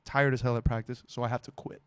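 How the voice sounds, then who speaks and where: A young man, a comedian, telling animated stories on a casual podcast and laughing often. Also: medium pitch, quick pace, clean tone, no room sound. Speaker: comedian guest.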